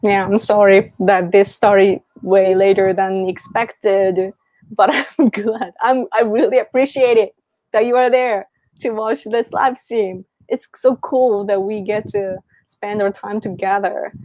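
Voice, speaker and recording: A Japanese woman in her thirties speaks English with a Japanese accent, hosting a casual live-stream Q&A. She talks slowly, often stopping to search for the right word. Her voice sounds dry and close, with no room around it. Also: medium pitch, fairly even intonation, a little mellow, no echo. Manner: rambling, searching for words.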